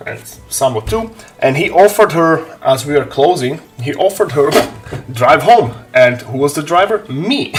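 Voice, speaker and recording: A man telling a story on a live stream, animated, swearing and laughing often. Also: on the high side. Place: home hobby room.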